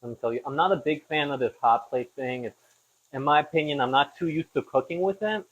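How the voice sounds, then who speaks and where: A man's voice: a little high, a little fast. A young man hosting a podcast, chatting casually and rambling with self-deprecating asides while he cooks in a home kitchen. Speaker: podcast host. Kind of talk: casual chat while cooking. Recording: slightly dull lo-fi audio.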